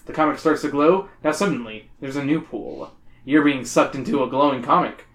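A woman's voice: a bass voice, moderate pace. A woman hosting a podcast, reading a kids' horror book aloud and breaking off for jokes. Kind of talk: comedic read-aloud. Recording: echoey room.

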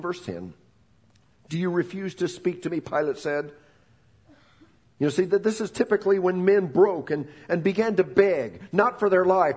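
A man's voice: on the high side, a little mellow, breathy edge. A man preaching a sermon as pastor, retelling the story dramatically and acting out the quoted voices.

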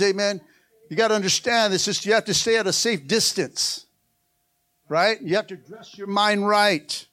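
A man's voice: high voice, a bit bright. A man preaching a sermon to his church, emphatic, calling for amens and responses. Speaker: pastor.

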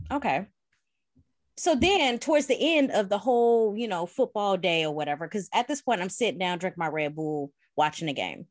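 A woman in casual podcast chat, telling an animated, profane story with plenty of laughs. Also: mid-range voice, a little fast, dry recording, clean studio sound. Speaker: podcast co-host.

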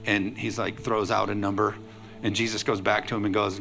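A male pastor giving a sermon to a congregation in a church, preaching in an energetic, conversational way with playful asides. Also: lowish voice, a little fast, vocal fry, soft background music.

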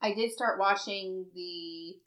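A woman's voice: medium pitch, takes it slowly, fairly bright tone, poor audio. A woman co-hosting a casual chat show, talking bluntly and profanely in a rambling way. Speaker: podcast co-host.

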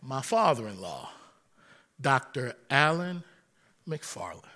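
A middle-aged man, preaching a sermon as pastor, animated and storytelling with humor. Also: mid-range voice, slow pace.

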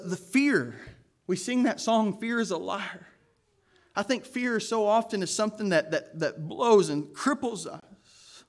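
A male pastor delivers an earnest sermon with a voice that sits a bit higher than most men's. He stresses key words emphatically and drops into casual asides to the church. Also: a little slow.

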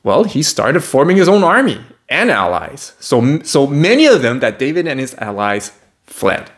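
Animated man reading and commenting on scripture. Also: medium pitch. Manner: animated, wry, conversational asides. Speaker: bible study teacher.

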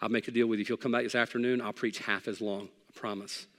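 A middle-aged male pastor preaching a sermon, conversational and emphatic, shifting from loud peaks to soft pleading. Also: fairly low pitch, level tone, fast talker, big-room sound. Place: church sanctuary.

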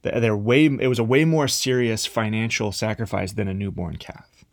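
A man's voice: fairly low pitch, steady tone, normal speed, vocal fry, dry recording, clean studio sound. A man preaching a conversational sermon, earnest and plain-spoken, with frequent restarts.

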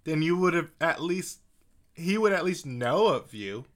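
A man's voice: a little high, animated, a little slow, a bit bright. A man co-hosting a casual podcast, joking and bantering playfully about songs. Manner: joking, playful, bursts into silly put-on voices. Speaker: co-host.

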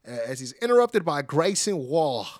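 A man hosting a podcast, recapping wrestling in casual, animated chat, laughing often and acting out quotes. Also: fairly high pitch, a little fast, no echo, studio quality.

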